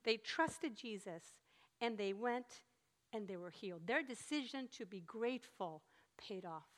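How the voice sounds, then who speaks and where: A woman preaching a sermon, telling the story in an animated, emphatic way. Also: medium pitch, unhurried.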